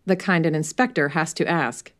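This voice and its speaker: Reader plays a steady, probing inspector; even and precise. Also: female voice, deep voice, moderate pace, close to an everyday voice. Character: calm probing male police inspector.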